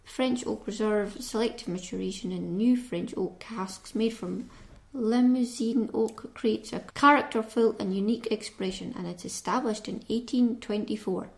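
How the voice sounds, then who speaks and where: A woman's voice: medium pitch, normal speed, gravelly. A woman reviewing a whisky, reading the label aloud in a chatty, teasing way. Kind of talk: casual review chat.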